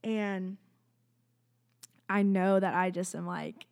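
A young woman, a student, talking casually and earnestly to the camera about her feelings and faith, full of "like" fillers and dipping into soft whispers. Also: mid-range voice, little pitch movement, slow pace, gravelly, clean tone. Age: young adult. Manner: rambling, constant "like" fillers, drops into soft whispers. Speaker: student sharing a faith journey. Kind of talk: casual heartfelt talk to camera. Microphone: own microphone, close.

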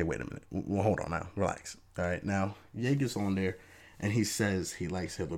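A man hosting a podcast, talking through his take in a casual, animated monologue with lots of "you know" asides. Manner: animated, acts out fans' voices in a raised pitch. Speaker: podcast host.

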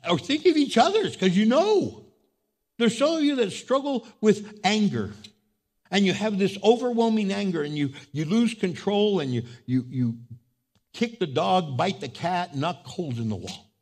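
A man's voice: high-pitched, expressive, normal speed. A man preaching a sermon, emphatic and dramatic, acting out voices of troubled people as he goes. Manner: emphatic, swings from loud to hushed; acts out voices of people and God. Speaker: pastor. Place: church.

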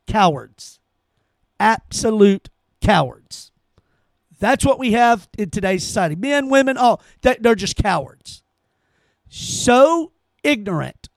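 A man with an unusually high voice rants hard, cursing and hammering the same words over and over. His pitch jumps all over as he gets worked up, and the sound is dry and close with no room around it. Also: animated, slow, creaky, pauses often, no echo. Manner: heated, cursing, emphatic repetition. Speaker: podcast host. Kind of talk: angry opinion rant.

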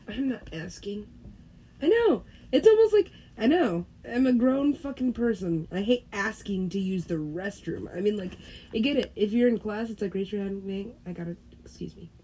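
A woman in rambling casual chat, profane and giggly, swinging from loud bursts to whispers. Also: medium pitch, lively intonation, normal speed, slight background noise, poor audio.

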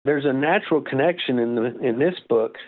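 An older man speaks over a tinny, phone-like line at a middling pitch. He answers interview questions in a relaxed, gentle, explanatory way. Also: fairly quick. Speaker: guest author.

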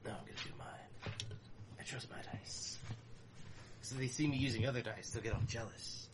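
A man's voice: mid-range voice, moderate pace, noisy background. Player man heard from a distance. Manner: easygoing, laughs along. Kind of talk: casual tabletop game chat.

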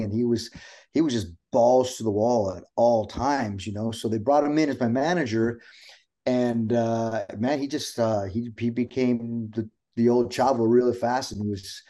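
A middle-aged man, a pro wrestler guest, chatting casually and acting out the voices of people in his stories. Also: mid-range voice. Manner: animated storyteller acting out quotes. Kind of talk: casual chat.

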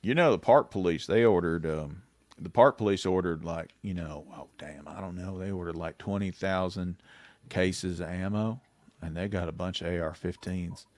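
A man voicing a gruff middle-aged gym regular who rambles through a conspiracy theory. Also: sits low, moderate pace, a little mellow, no echo, lightly acted. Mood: conspiratorial.

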